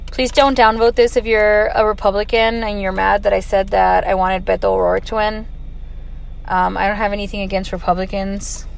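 A woman's voice: medium pitch, vocal fry, a little hiss or hum. Chatty woman in her twenties rambling. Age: 20s. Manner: chatty, filler-heavy, lots of "like" and "um". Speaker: audio vlogger. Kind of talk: casual rambling storytelling. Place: on the way home from work.

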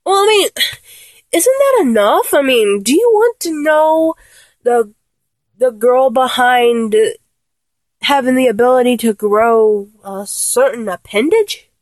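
A woman's voice: high voice, lively intonation, slow, no echo, exaggerated voice. A young woman voice actor playing a flustered, blunt young woman in a one-sided audio role-play, exasperated, stammering and swearing.

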